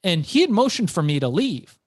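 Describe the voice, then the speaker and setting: A middle-aged man, an entrepreneur guest, telling his story in an animated interview and repeating words as he goes. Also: high voice, brisk, dry recording.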